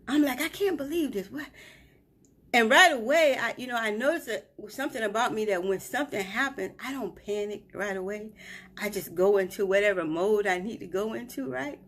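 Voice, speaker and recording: A woman's voice: medium pitch, a little fast, a bit bright. A grieving mother live streaming from a hotel room, retelling events emotionally and often checking in with "right?".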